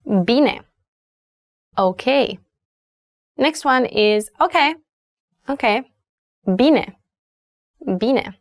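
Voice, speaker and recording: Brief: Romanian-accented young woman, native speaker teaching phrases, unhurried, dry close sound. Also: on the high side, animated, dry recording. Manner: slow, repeats phrases for learners. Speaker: language teacher. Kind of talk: language lesson.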